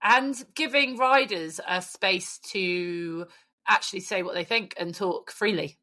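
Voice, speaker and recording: A woman's voice: mid-range voice, pushed and bright. A woman co-hosting a podcast in cheeky, sweary casual chat. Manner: cheeky, sweary, quick to laugh. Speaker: podcast co-host.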